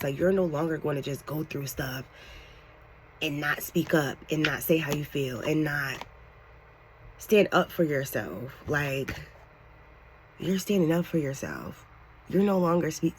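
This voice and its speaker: A woman giving a channeled tarot reading to her viewers, excitable and animated, talking casually with lots of slang and "like". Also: low-pitched, a little hiss or hum. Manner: excitable, animated, fills talk with "like". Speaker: tarot reader.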